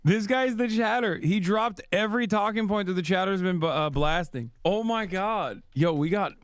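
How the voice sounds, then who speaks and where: A man's voice: high-pitched, normal speed, smooth, no room sound, clean studio sound, soft background music. A man streaming, reacting to a clip in a laid-back, joking, profane way. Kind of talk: casual reaction chat.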